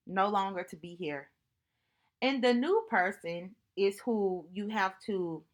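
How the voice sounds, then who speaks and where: A woman speaking to camera in an earnest, reflective monologue, telling personal stories in an unhurried way and often repeating herself for emphasis. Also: medium pitch, a bit bright. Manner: earnest, thoughtful, unhurried storytelling with repetitions. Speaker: vlogger.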